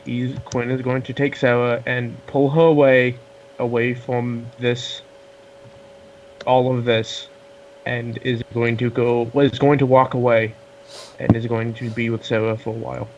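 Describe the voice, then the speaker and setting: A man playing a tabletop role-playing game, narrating deliberately and correcting himself. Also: mid-range voice, level tone, a little mellow, lo-fi sound, a little hiss or hum. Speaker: player.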